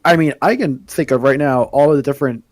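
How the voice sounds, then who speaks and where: A man's voice: medium pitch, quick pace, no room sound, poor audio. Man with neutral American accent, dry sound. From Washington State. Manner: steady reasoning, many "I mean"s. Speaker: podcast co-host. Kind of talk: casual podcast chat.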